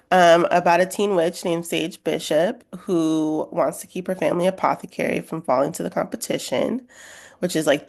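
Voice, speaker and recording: A woman author being interviewed on a podcast, sounding sleepy and talking in a relaxed, chatty way. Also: fairly low pitch, creaky. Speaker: guest author. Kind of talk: casual interview.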